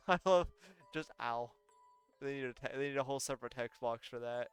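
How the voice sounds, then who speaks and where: Streamer guy, wry, swears casually, average pitch, faint game music. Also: brisk. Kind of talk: casual live game commentary.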